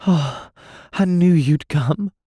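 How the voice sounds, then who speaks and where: A man reading an audiobook voices a lovesick young woman who speaks in a breathy, pleading, tremulous way. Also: on the high side, takes it slowly, dark tone, no room sound, voice pushed up. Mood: relieved.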